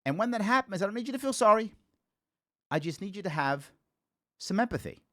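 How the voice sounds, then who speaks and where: A man's voice: sits high, expressive, brisk, pushed and bright. A man in his forties from the Bronx, hosting a call-in talk show and telling stories in a conversational, thinking-aloud way. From the Bronx, New York.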